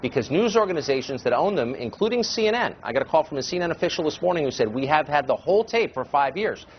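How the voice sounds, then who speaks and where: A man pressing his case with an insistent, emphatic delivery, his pitch climbing and dropping in lively swings. His voice sits a little high for a man. The broadcast audio is slightly dull, with a faint hiss under it. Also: fast. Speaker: political commentator guest. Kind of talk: heated cable news debate.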